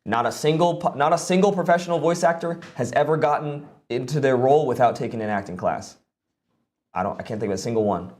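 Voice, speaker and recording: A young man talks loosely on a live stream, peppering his advice with "like" and the odd curse. He sits close to a streaming mic, and his voice sits at an ordinary middle pitch. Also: fast, a little mellow. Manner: loose and profane, lots of "like" fillers. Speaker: streamer giving voice acting advice. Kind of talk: casual live-stream talk.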